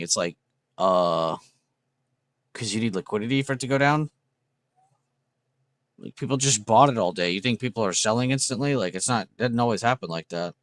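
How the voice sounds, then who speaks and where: A young man hosts a trading livestream, chatting with viewers in a casual, enthusiastic way, swearing freely and reacting to chat. His voice is medium-pitched and a little fast, with frequent pauses and no echo.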